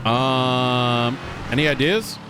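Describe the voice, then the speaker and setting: A man's voice: mid-range voice, slow, background noise. A man streaming a role-play game, bantering and giving orders in character. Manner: bantering, laughing, bossy in character.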